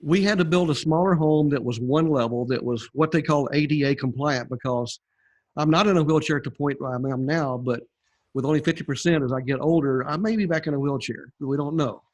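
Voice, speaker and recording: A man's voice: a little high, fairly quick, a little mellow. An older man, a podcast guest, telling his story in a rambling, conversational way with many fillers. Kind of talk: conversational testimony.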